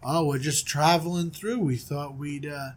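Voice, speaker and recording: A man voicing a wary traveling stranger who talks like a low-key tough guy, guarded and sly. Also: steady tone, measured pace, natural voice.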